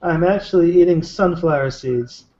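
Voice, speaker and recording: Man, higher mellow voice, dry offhand joker, muffled video call. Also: moderate pace. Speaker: guest in group chat. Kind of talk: casual group video chat. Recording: dull lo-fi video call audio.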